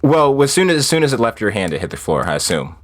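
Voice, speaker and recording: A man running a tabletop game as game master, playful and quick to laugh while describing scenes. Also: mid-range voice, big pitch swings, a crowd in the background.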